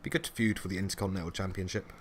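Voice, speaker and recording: A young man with a very low voice, recapping wrestling with a co-host in loose, chatty fashion. He laughs a lot and slips into quick impressions of the people he talks about, with a faint hiss under the recording. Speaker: podcast co-host. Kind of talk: casual wrestling review chat.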